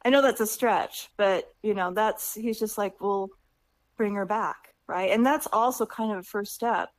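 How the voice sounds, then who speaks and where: A woman author talks through her story with animated, conversational energy. Her voice sits in an everyday middle register, and she keeps checking in with her listener as she goes. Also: medium pitch, normal speed. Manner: animated storyteller, acts out characters' lines; conversational, often asks "right?". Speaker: author guest. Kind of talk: interview, retelling her book's story.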